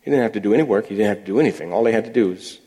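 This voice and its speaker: A man with a lowish voice speaks to a breakfast gathering as their pastor, telling stories in a loose way and often starting over mid-phrase. His voice rings out with a long reverb, as if heard in a large hall. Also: very fast, warm tone, slightly rough. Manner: storytelling, restarts and repeats words. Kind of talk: sermon-style talk.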